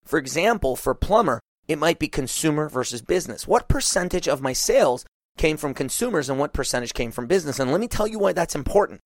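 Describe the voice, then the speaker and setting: A man coaching small business owners, talking animatedly and acting out what clients say in quick asides. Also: a little high, animated, no room sound, clean studio sound.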